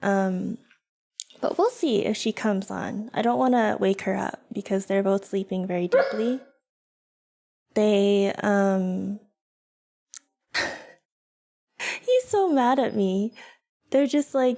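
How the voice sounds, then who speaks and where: A woman's voice: medium pitch, slow, gravelly, pauses often, mellow. A young woman streaming, chatting casually and giggling as she talks to her viewers and her dogs. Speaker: vtuber streamer. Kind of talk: casual livestream chat.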